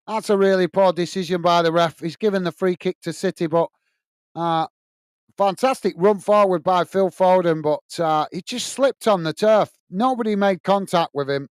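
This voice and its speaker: A man's voice: high voice, normal speed, smooth, no echo, studio quality. Chatty man commentating a match. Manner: chatty, reads out viewer comments between play-by-play. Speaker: watch-along host. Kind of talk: live match commentary and chat reading.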